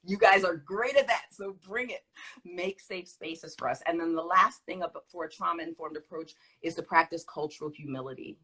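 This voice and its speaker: A woman's voice: on the low side, normal speed, sharp tone, breathy edge, rough recording. A woman speaking as a guest in a conversation, teaching emphatically and animatedly with frequent laughter.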